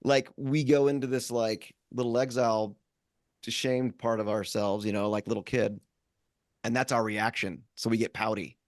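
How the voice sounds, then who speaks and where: Podcast guy rambling, restarts a lot, mid-pitched, dead dry sound. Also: level tone, moderate pace, no room sound. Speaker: podcast co-host. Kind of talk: casual chat.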